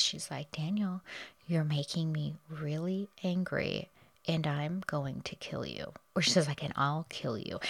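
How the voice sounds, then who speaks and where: A woman hosting a true crime podcast, retelling a case in a casual, conversational way, asking herself questions and answering them. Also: deep voice. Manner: conversational, rhetorical questions and answers, frequent restarts.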